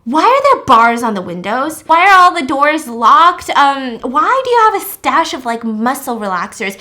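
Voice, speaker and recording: A woman doing a frantic yelling father. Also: sits high, big pitch swings, normal speed, voice pushed up, full character voice. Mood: furious. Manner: yelling, accusing, swearing. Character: frantic grieving father, a man shouting accusations.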